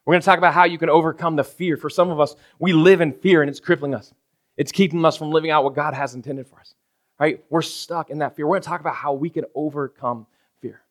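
Man, pastor, casual sermon, fairly high voice, asks the room "right?". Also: steady tone, quick pace. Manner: casual, keeps asking "right?" of the congregation; acts out everyday scenes in quoted voices. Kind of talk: conversational sermon.

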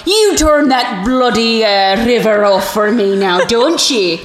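A woman's voice: on the high side, expressive, slow. A woman voicing a deranged, rambling imprisoned woman in a put-on Irish accent, in an echoey room with background noise. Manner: rambling, mock-earnest, exaggerated.

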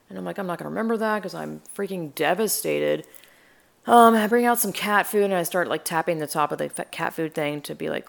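Young woman, low and gravelly, casual rambling storyteller. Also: fairly quick. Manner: rambling, chatty, acts out quotes.

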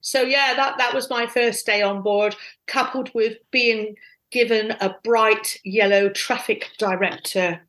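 Lively woman telling a story. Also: on the high side, measured pace, low-quality recording. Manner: lively, self-deprecating, animated. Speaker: guest storyteller. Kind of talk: casual anecdote telling.

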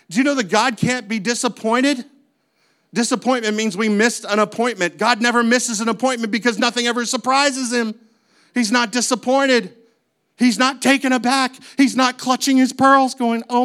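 A man's voice: extremely high pitch, a bit bright. A man preaching a sermon as a pastor, with a conversational manner, lots of rhetorical questions and playful asides.

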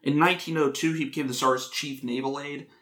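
A man's voice: mid-range voice, fairly even intonation, a little fast, pushed and bright. A man hosting a casual podcast, telling a history story in a rambling, joking way and often correcting himself.

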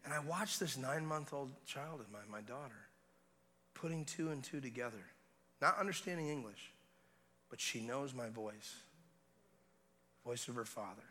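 A young man preaching at a revival, his voice bright and forceful. He tells a family story in a conversational way, drops to quiet murmurs, then climbs to loud, fervent declarations. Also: mid-range voice, normal speed, pauses often. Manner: animated, building from hushed to shouting. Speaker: guest preacher.

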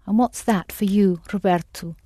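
A woman's voice: mid-range voice, normal speed, warm tone, no room sound, clean studio sound. A woman teaching a language lesson, patiently prompting her students with questions.

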